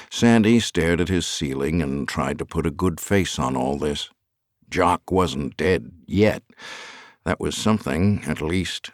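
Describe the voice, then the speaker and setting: A man narrating an audiobook in a measured storytelling manner. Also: a bass voice, dry recording, studio quality.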